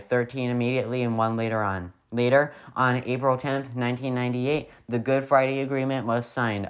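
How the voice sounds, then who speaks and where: Man narrating history with wry asides. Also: medium pitch.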